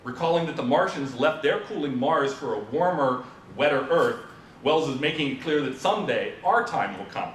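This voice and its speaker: At normal speed and in an animated way, a man presents informally at a symposium, guiding listeners through a story and posing questions, with plenty of fillers. The recording has a roomy, distant-mic quality and a faint rumble.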